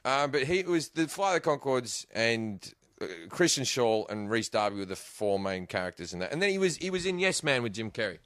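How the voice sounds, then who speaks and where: A man's voice: medium pitch, big pitch swings, fairly quick, hardly any pauses, fairly bright tone, dry recording, studio quality. An Australian man, a guest comedian, telling rambling stories in casual podcast chat, swearing and laughing often.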